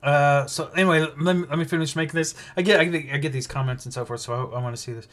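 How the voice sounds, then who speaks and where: Male host, slightly high pitch, rambling unscripted livestream preacher, thinks out loud. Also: fast talker. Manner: rambling, thinking aloud, frequent restarts and fillers. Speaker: preacher hosting a livestream Bible study. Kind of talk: casual livestream Bible teaching.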